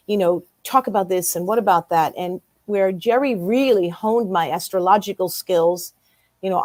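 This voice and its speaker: A woman's voice: medium pitch, no room sound. A woman in her fifties, a guest in an interview, telling a personal story casually and acting out the dialogue as she goes. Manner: animated storyteller who acts out quoted dialogue.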